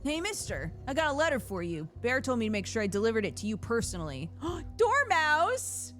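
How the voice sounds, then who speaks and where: A woman streaming a video game, reading the dialogue aloud and reacting in an expressive, exasperated way. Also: a little high, a little fast, soft background music. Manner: animated and expressive, swings to loud exasperation. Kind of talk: live gameplay commentary, reading dialogue aloud.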